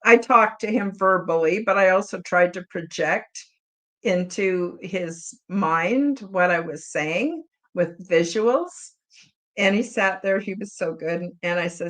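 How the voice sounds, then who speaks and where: A woman's voice: fairly low pitch, slow, fairly bright tone. Rambling, heartfelt woman podcast host. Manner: rambling and heartfelt, many "you know" fillers; openly emotional. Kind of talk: casual live-chat storytelling.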